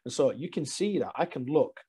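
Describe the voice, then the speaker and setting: A man's voice: medium pitch, a little fast, slightly rough. A man, a guest wrestler, chatting casually in an interview and animatedly acting out the stories he tells. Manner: animated storyteller, acts out quotes.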